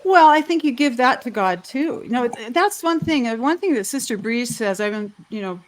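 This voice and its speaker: A woman's voice: fairly high pitch, animated, normal speed. A woman sharing her personal story on a panel over a video call, rambling and heartfelt, with frequent restarts.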